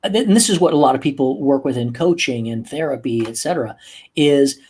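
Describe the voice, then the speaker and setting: A man hosting a motivational podcast as a coach, talking emphatically and moving from slow, soft passages to quick bursts. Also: mid-range voice, lively intonation, slightly rough. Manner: emphatic, acts out angry outbursts.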